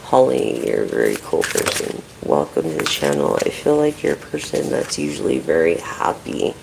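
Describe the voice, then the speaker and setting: A card reader on a casual live stream, talking in a deeply gravelly, fry-heavy voice over faint background noise. The delivery rambles and swears at nearly every turn while chatting to viewers by name. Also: huge pitch swings, moderate pace. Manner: profane, swears constantly. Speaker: tarot and oracle card reader.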